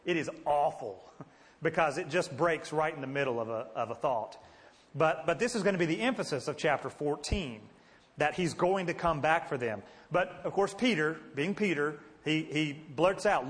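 A man teaches a Bible study conversationally, posing questions to the class and answering them himself. His fairly high voice is animated, a bit bright and moderately paced, with big-room sound.

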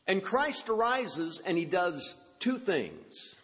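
A man's voice: sits high, huge pitch swings, takes it slowly, a bit bright. A man preaching an expository sermon, quoting scripture and lifting his voice for emphasis on the quoted words. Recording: long hall reverb.

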